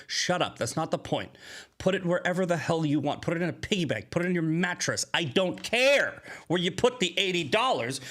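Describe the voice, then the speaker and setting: A man hosting a casual live-stream commentary, rambling and blunt, often jumping into loud, high mocking voices. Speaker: political commentary host.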